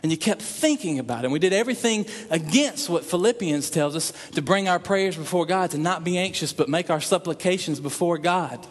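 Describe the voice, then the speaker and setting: A man's voice: on the high side, a little fast, few pauses. A man preaching a sermon in an earnest way, repeating phrases for emphasis and voicing prayers aloud. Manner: earnest, repetitive emphasis, acts out prayers in quotes. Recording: long reverb in a hall.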